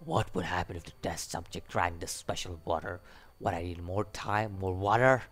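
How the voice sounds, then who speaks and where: A man voicing an eccentric, gleeful male scientist in a visual novel game, with a put-on foreign accent and theatrical, dramatic pauses. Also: low-pitched, steady tone, fairly bright tone, voice pushed down.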